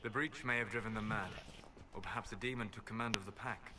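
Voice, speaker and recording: An actor voicing a calm fantasy game companion. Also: male voice, on the low side, fast talker, heavy background noise, natural voice. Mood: musing.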